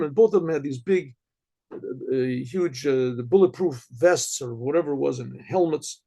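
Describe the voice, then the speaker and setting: Rabbi guy telling a story, kinda high gravelly voice, lots of stops and restarts. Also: a little mellow. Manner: halting, with frequent restarts and throat-clearing.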